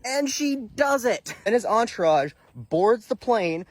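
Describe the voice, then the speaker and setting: A man's voice: extremely high pitch, big pitch swings, unhurried, no echo. A man telling a comedic story with irreverent, profane jokes and asides.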